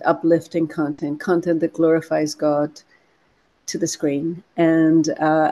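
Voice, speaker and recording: Chatty woman with a soft Irish accent. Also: deep voice. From Ireland. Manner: animated, chatty, laughs often, frequent restarts. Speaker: actress and producer. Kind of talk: interview conversation.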